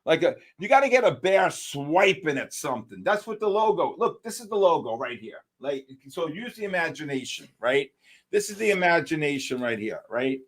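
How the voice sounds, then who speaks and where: A man hosting a live futures trading stream, giving excited, exclamatory market commentary and calling out viewers by name. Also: a little high, moderate pace. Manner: animated, exclamatory, talks to chat by name. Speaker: livestream trading host.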